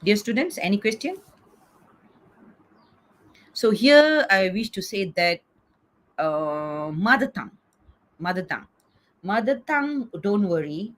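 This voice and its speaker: This is an online lecture from a middle-aged woman on a video call who coaxes her students and repeatedly asks "okay?" after nearly each point. She talks a little slowly at medium pitch, with big pitch swings and long pauses.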